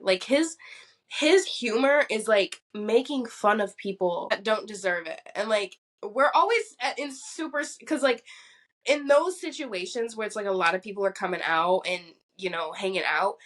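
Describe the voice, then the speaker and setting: A young woman co-hosting a podcast, telling animated, profane stories in casual chat and mimicking other people's lines. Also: medium pitch. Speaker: podcast co-host.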